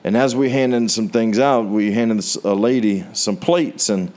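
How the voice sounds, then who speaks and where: Speaking at a measured pace, this pastor from the United States has a fairly low voice with a darkish tone. In his sermon he earnestly tells the story of his own testimony, lifting his voice on rhetorical questions.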